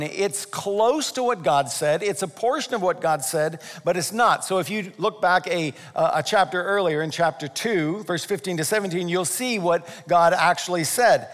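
A man preaching a sermon as pastor, animated, acting out voices and asking his listeners questions. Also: high voice, moderate pace, few pauses, long reverb tail. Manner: animated, acts out voices, asks the audience questions.

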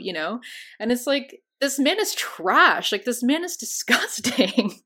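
Woman guest in casual chat, slightly high voice, scornful and emphatic. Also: animated, moderate pace, fairly bright tone.

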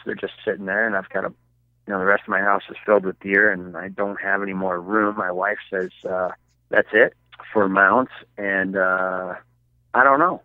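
A man's voice: on the low side, no room sound. A middle-aged man from Michigan telling hunting stories as a podcast guest, rambling with many fillers and restarts. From Michigan, United States. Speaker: podcast guest, archery filmmaker. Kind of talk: casual storytelling. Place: his basement at home. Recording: tinny phone-like line.

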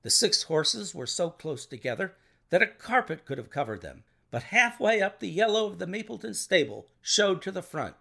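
Guy narrating a story, higher voice, really animated and dramatic. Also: moderate pace, creaky. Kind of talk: storybook reading.

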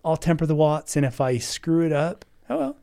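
A man's voice: on the high side, fairly even intonation, moderate pace, warm tone, clean tone. A man guesting on a podcast, chatting casually, laughing often and poking fun at himself, sometimes stumbling and repeating words. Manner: laughs often, self-deprecating. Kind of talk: casual chat.

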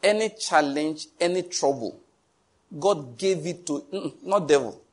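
A man's voice: fairly high pitch, expressive, a little slow. A man preaching a sermon emphatically and asking the congregation questions. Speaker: pastor.

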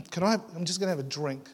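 A man's voice: a little high, a little fast, slightly rough. A man preaching in church as a pastor, telling a story with lots of stammers and restarts. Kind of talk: sermon.

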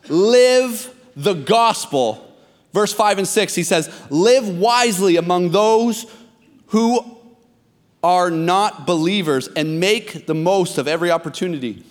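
A man preaching a sermon as pastor, animated and self-deprecating, acting out his stories. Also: sits high. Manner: animated, self-deprecating, acts out quotes loudly. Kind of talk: sermon with personal storytelling. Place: church sanctuary. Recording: long hall reverb.

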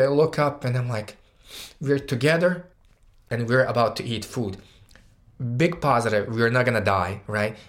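Casual young man telling a personal story. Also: medium pitch. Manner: casual, says "like" often, grows louder and more emotional. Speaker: guest storyteller.

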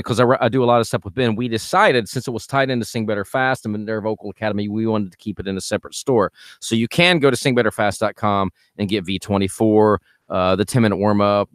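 A man's voice: on the low side, dry recording, clean studio sound. A man hosting a podcast as a vocal coach, giving casual advice with energy and repeating his key points.

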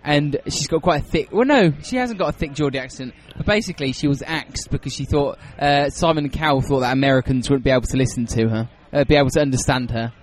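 A man's voice: medium pitch, fast talker, few pauses, slight background noise. A British man co-hosting a podcast in casual chat, joking and teasing. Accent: British English. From Britain. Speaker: podcast co-host.

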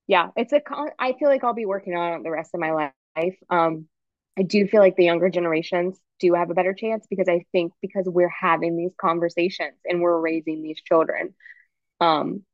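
A woman's voice: fairly low pitch, no room sound. Woman with a dull, dry, lo-fi sound. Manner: emotional, expressive, quick asides. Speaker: podcast guest, photographer. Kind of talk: candid conversational chat.

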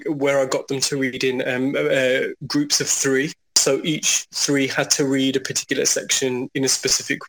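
Steady, flat-toned male teacher. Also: mid-range voice. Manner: measured, steady, with frequent restarts. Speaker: school teacher and trust leader. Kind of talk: conversational podcast interview.

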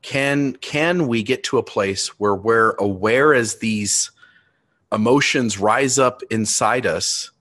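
A man in his fifties talks through a family story in relaxed podcast conversation. He sits at an everyday middle pitch, and he swings from calm reflection to heated, swearing outbursts. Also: takes it slowly. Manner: animated storyteller, rising and swearing when riled.

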